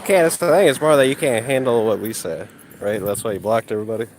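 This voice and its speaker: A man's voice: lowish voice, fast, a little mellow, slight background noise. A man ranting and mocking his critics with heavy profanity while he exercises outdoors. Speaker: livestreamer.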